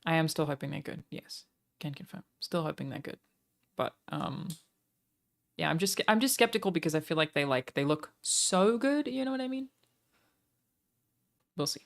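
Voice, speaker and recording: A woman's voice: low voice, expressive, normal speed, gravelly, long pauses. A woman streaming live, chatting casually, reading articles aloud and gushing thanks to donors with casual swearing. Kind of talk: live stream chat and reaction.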